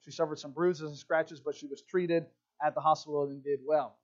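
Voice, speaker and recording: A man's voice: fairly high pitch, brisk, dull audio. A man preaching a sermon as a pastor, telling stories and acting out little voices. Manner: animated storytelling, acts out voices.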